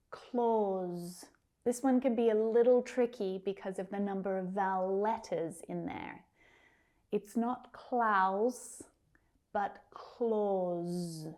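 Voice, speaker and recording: A woman teaching English pronunciation, saying words slowly and clearly, drilling each one several times with careful articulation. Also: mid-range voice, warm tone. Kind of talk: slow, deliberate pronunciation lesson.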